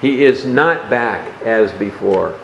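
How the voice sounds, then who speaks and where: A man preaching a sermon, explaining a Bible passage in a measured way and dropping his voice softly on key words. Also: on the low side, expressive, gravelly, echoey room, lo-fi sound, a little hiss or hum.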